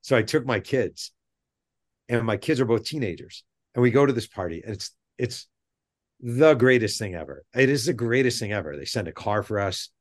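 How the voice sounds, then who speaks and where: A middle-aged man, a guest author on a podcast, chatting casually and telling animated stories with rambling asides. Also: medium pitch, moderate pace. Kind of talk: casual interview chat.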